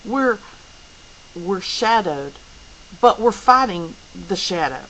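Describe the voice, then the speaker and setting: A woman reading a novel aloud voices an earnest teenage boy who talks plainly, with small halting restarts. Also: mid-range voice, animated, a bit bright, full character voice, low-quality recording.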